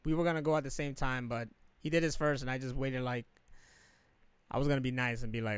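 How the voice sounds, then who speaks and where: A man co-hosting a casual chat, telling a story in an animated, profane way with lots of laughter. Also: medium pitch, quick pace, clear, resonant tone, no room sound.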